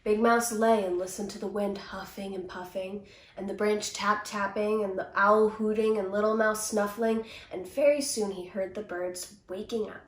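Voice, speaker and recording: Woman, gentle expressive storybook reading, mid pitch, echoey room, set back from the mic. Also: moderate pace, far from the mic.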